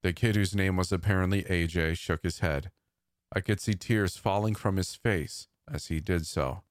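A man narrating a first-person horror story in a steady, measured, tense reading. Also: sits low, dry recording, clean studio sound.

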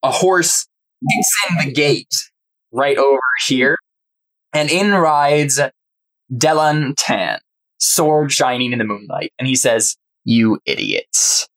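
A man's voice: on the high side, slow pace, fairly bright tone, low-quality recording. Stumbling casual male game master. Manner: stumbling, casual narration with restarts. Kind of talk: narrating a tabletop game.

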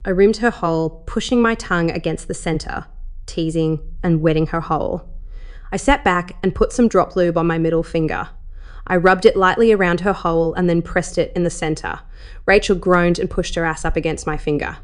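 In a slow, sultry reading, a woman narrates an adult story in the first person. Her voice sits on the low side of the typical female range.

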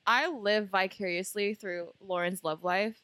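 A young woman hosting a podcast, excitable and teasing in casual chat. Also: mid-range voice, measured pace, clean tone, no echo. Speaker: podcast host.

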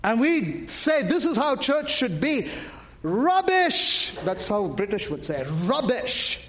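Impassioned high-voiced male preacher. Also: big pitch swings, normal speed, slight background noise. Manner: impassioned, calls out to the congregation. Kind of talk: sermon.

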